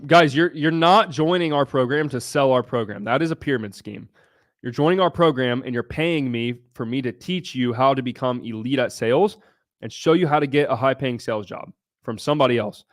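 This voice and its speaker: Blunt, profane man streaming live. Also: medium pitch. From United States (Ohio). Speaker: livestream host. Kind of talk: casual livestream Q&A.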